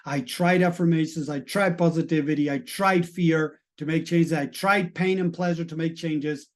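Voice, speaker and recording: Earnest high-voiced middle-aged man coaching. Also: steady tone, moderate pace. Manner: earnest and emphatic, with repeated rhetorical questions. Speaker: mindset coach. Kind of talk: live-streamed motivational talk to a chat audience.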